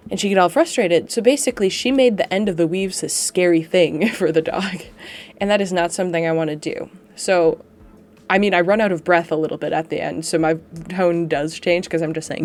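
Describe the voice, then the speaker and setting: A woman with a slightly low voice talks through her dog training footage in a relaxed, chatty way. She pokes fun at herself and laughs often. She records the voiceover from home, seated beside her dog. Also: normal speed.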